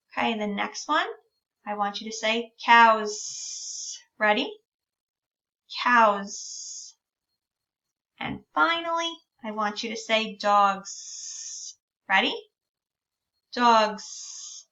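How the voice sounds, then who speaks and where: A woman with a bright, fairly high voice guides young children through a speech-sound lesson, sounding out each word and drawing it out. She speaks very slowly and patiently. The recording is dull and lo-fi, and she sits a little away from the mic. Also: vocal fry, recorded from a distance. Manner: slow, drawn-out sounding out of words. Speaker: teacher.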